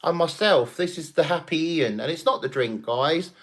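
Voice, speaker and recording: A man with a fairly high-pitched voice talks at normal speed while running a casual late-night livestream. He's tipsy from drinking, so he rambles, laughs, and swears as he chats with his audience.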